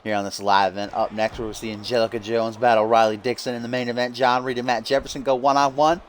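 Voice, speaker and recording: Joking around and cursing with his co-hosts, this commentator on a video game wrestling show laughs a lot. His medium-pitched voice is flat and fast, with a little hiss or hum in the recording.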